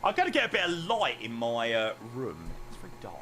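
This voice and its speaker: A man's voice: medium pitch, big pitch swings, a little fast, sharp tone, a little hiss or hum. A man, chatting casually with his live-stream chat while flying a sim, swearing now and then.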